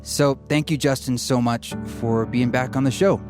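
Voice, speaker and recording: A man's voice: medium pitch, fairly even intonation, normal speed. A man hosting a podcast and giving its outro in a casual, friendly promotional way. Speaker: podcast host. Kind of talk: outro announcement. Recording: voice over background guitar music.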